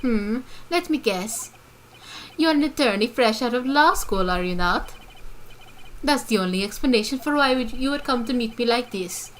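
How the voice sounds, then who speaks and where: A woman's voice: fairly high pitch, animated, moderate pace, a little hiss or hum, natural voice. A woman voicing a pompous, arrogant male corporate chief who talks in grandiose big words, reading game dialogue aloud. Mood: haughty. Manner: grandiose, big-word affected speech.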